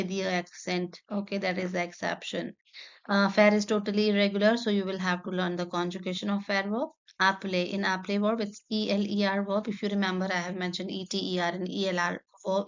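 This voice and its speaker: A woman, a French teacher explaining a textbook lesson step by step, reading French phrases and then translating them. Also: medium pitch. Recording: dull lo-fi sound.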